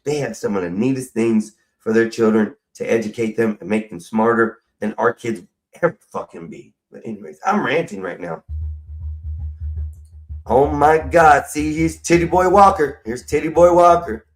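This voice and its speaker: A man with a drawl rambles through a casual livestream chat, cursing freely as he sips a drink. His voice sits at an ordinary middle pitch, loose and conversational. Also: moderate pace, soft background music, poor audio. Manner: profane, rambling, drinking while talking. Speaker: stream host.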